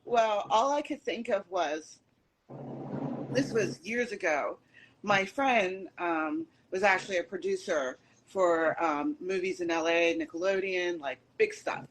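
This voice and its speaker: A woman's voice: lowish voice, unhurried, a little hiss or hum, rough recording. Chatty woman interviewer telling a story. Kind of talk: casual interview chat.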